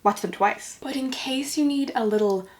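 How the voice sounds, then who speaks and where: A woman's voice: on the high side, normal speed. A young woman who reads fan fiction aloud, mocking it with sarcastic asides and breaking into laughter often. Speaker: YouTuber.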